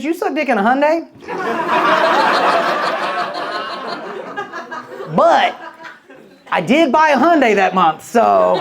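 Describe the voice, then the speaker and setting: On stage at a comedy club, a man with a high, gravelly voice rambles through crude stories, acting out the voices of the people he quotes. Laughter from the crowd fills the live audio.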